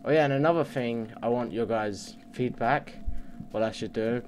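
A young man commentating on his game at home, muttering and swearing, with sudden loud yells. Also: medium pitch, moderate pace, slight background noise. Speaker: let's play gamer. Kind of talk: casual gameplay commentary. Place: home computer desk. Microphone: desk mic under the monitor.

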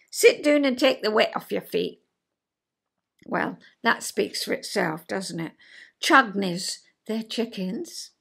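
A woman's voice: fairly high pitch, unhurried, creaky, fairly bright tone. A woman in her sixties from the south east of England with a Southern English accent, hosting a chatty home vlog, rambling with lots of fillers and asides. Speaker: vlog host. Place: at home, indoors.

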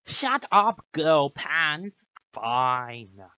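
A man's voice: fairly high pitch, very animated, drawn-out words, pushed and bright, clear, resonant tone, no room sound, dull audio, heavily acted. A guy doing rude bossy twin boy. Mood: mocking. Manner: blunt and indignant. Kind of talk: fan dub reaction.

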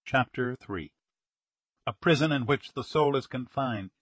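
A man reading a mystery audiobook in a steady, dramatic way. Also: mid-range voice, no echo. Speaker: narrator.

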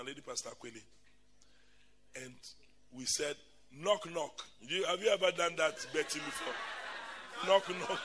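Animated high-voiced preacher man. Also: a little hiss or hum. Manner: animated, bursts into loud emphatic shouts and laughter; lists items in a loud, stressed cadence. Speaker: bishop preaching. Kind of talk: sermon with comic storytelling.

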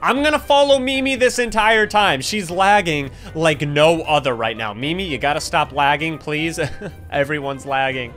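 A young man with a notably high voice narrates his gameplay with excited energy. He laughs often and keeps calling out to his teammates as he plays. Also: moderate pace, faint music behind. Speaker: gaming YouTuber.

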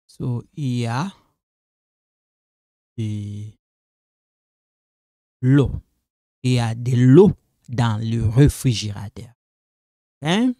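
Slow, patient male French teacher. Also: medium pitch, creaky, mellow, dry recording, studio quality. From Congo. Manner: patient, repeats phrases slowly for learners. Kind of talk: quiz walkthrough lesson.

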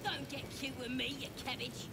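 A woman's voice: sits high, fairly even intonation, normal speed, heavy background noise. An actress voicing a scrappy young female goblin in a video game, with a brash, bossy manner and an Australian-sounding accent.

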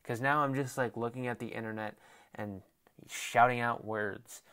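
A man's voice: mid-range voice, normal speed. A young man hosting a casual sports talk show, rambling off the cuff and swearing as he mocks a rival team. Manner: profane, excitable, mocking rival team; self-deprecating, off the cuff. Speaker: sports podcast host.

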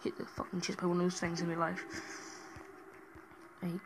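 Brief: young male gaming host, gravelly voice, swears constantly, jumpy horror let's-play energy, faint hiss behind. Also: sits high, little pitch movement, moderate pace, long pauses. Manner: heavy swearing, rambling, easily startled into yelps.

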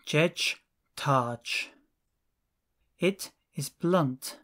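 A language teacher working through lesson drills at a very slow, careful pace. Each short phrase is set apart and clearly spoken, one after another, in a mid-range voice. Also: mid-range voice, fairly bright tone.

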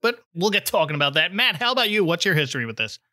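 A bright-toned man hosts a podcast, reading jokey introductions with a teasing edge. His voice sounds crisp and close, with a dry, dead sound around it. The delivery is playful and easygoing. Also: sits high, very animated, fast, no echo. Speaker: podcast host. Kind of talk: jokey scripted podcast intro, then casual chat.

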